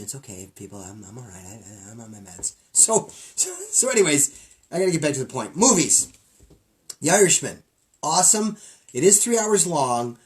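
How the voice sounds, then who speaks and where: Animated joking guy on a podcast, pitch all over the place. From New York State. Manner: animated, jokey, self-deprecating. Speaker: podcast co-host. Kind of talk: casual comedic podcast banter.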